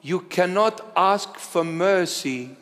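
Male preacher, lively storyteller with humor, high pitch, echoing church hall. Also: slow pace. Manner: animated storytelling with humorous asides. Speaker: bishop, preacher. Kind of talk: sermon. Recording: long church reverb.

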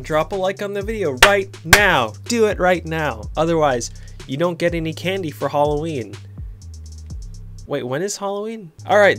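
Excitable man doing game commentary. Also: a little high. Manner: excitable, chatty, cheers on players. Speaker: gaming YouTuber. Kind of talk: casual gameplay commentary.

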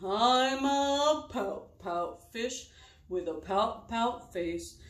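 A woman voicing a gloomy, droopy male fish in a storybook reading, stretching the words out slowly and mopily. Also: a little high, expressive. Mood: mopey. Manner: slow, drawn-out, mopey sing-song. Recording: roomy, distant mic.

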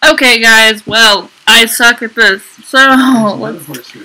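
Young gamer girl chattering thru her let's play, silly and squealy, bright voice. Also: fairly high pitch, takes it slowly, low-quality recording. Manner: playful and silly, with squealing exclamations. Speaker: gaming YouTuber.

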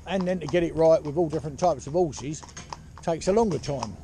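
A man's voice: on the high side, a little fast, mellow. A man who trains horses, giving casual spoken advice as he drives a carriage, rambling along with "you know" and "yeah?". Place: outdoors on a horse-drawn carriage. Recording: outdoor noise with hoof clip-clop.

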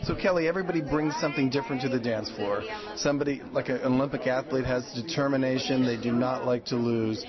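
A man's voice: mid-range voice, quick pace. Male interviewer over crowd noise. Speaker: entertainment interviewer. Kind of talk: press interview questions. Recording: muffled audio, crowd noise.

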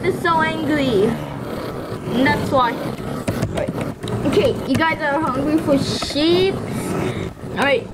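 A woman hosting a gaming video, giving excitable commentary with frequent shrieks and exclamations. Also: high-pitched. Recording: loud background noise.

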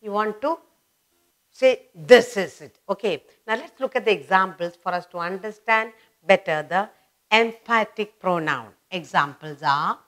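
A woman with an Indian English accent teaching grammar, saying words slowly and repeating them for learners. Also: mid-range voice, fairly bright tone. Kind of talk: slow classroom explanation.

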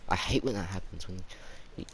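A man with a deep, low voice narrates his shooter gameplay live. He chats casually to his viewers and bursts into exclamations whenever he gets a kill or gets taken out. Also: a little fast, a bit bright, slight background noise. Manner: reactive, chatty, exclaims at kills and deaths. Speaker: gaming YouTuber.

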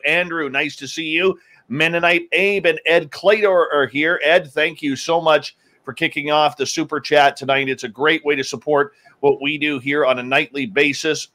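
Playful radio host, fairly high voice. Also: male voice, fairly bright tone. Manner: jokey, playful, teasing banter. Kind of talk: energetic live-show chat-room shout-outs.

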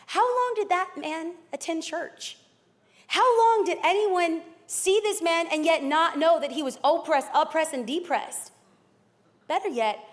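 High-voiced, fiery woman pastor preaching. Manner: energetic preaching with playful asides; acts out quoted voices. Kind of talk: sermon.

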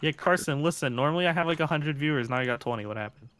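A playful, jokey man chatting with friends on a game voice call. His voice sounds very bright and forward. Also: on the high side, racing. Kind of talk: casual gaming chat on a voice call.

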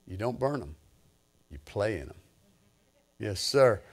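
An older man, preaching a sermon through a lively personal story, swinging from low murmurs to loud excited bursts. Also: unhurried. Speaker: pastor.

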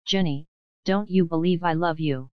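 A woman's voice: lowish voice, normal speed, smooth, dry recording, highs cut off, natural voice. A woman narrator voicing a proud, hot-tempered young college man in an audiobook. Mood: heated. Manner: defensive, heated.

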